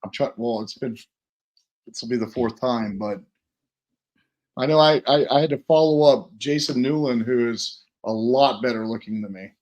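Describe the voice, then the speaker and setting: A man guesting on a podcast, talking in halting, emotional bursts. He breaks off, restarts, and pokes fun at himself. His voice sits mid-range. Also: medium pitch, darkish tone. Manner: halting, emotional, self-deprecating. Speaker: guest witness.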